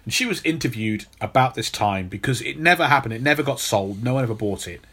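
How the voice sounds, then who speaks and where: A man's voice: mid-range voice, expressive, fast talker, a bit bright, slightly rough. Male podcast host, casual storyteller, loose delivery with plenty of restarts. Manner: storytelling, repeats words when restarting.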